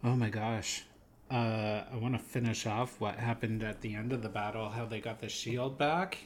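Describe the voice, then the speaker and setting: A man's voice: lowish voice, steady tone, normal speed, slight background noise. A man co-hosting a casual podcast, recapping scenes in a loose, rambling way. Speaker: podcast co-host. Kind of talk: casual show discussion.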